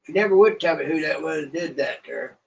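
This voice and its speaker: A man with a fairly high voice joins a casual live-stream chat as co-host. He jokes and gets fired up quickly. He sounds set back from the microphone. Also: lively intonation, creaky, recorded from a distance, rough recording. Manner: joking, quick to get fired up. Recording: heard from away from the mic.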